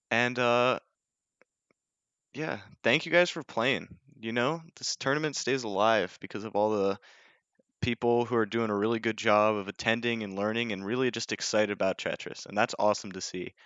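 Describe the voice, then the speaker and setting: A man casting a live online game tournament as stream host, excitable, his voice leaping up on big plays. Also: medium pitch, smooth, no room sound, lo-fi sound. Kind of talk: live esports commentary.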